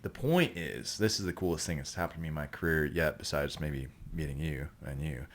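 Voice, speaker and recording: A man, a podcast guest from Canada, telling a rambling, profane story in casual chat and breaking into loud laughing bursts. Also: extremely low pitch, brisk, slight background noise.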